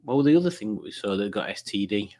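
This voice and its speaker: A man's voice: fairly low pitch, expressive, fast, mellow. A man hosting a casual live-stream quiz night, reading viewer comments aloud in a jokey, rambling way. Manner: jokey, rambling, chuckling at puns.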